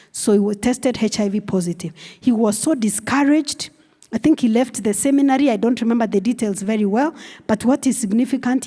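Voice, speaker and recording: A woman's voice: a little high, warm tone. A woman with a Kenyan accent giving a sermon in a conversational, explanatory teaching tone. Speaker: preacher. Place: church. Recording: long church hall reverb.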